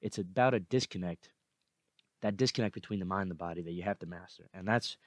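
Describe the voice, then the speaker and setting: A young man hosts a motivational podcast in a low voice, recorded dry and close. He repeats his points with earnest, rising conviction. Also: fast talker, no room sound. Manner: earnest, repetitive, fired up. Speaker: podcast host.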